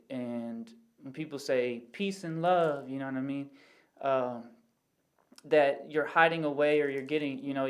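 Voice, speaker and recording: A man talking as a podcast guest in a casual, reflective way, rambling a little and explaining his views through everyday analogies. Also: medium pitch. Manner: rambling, full of "you know what I mean" asides.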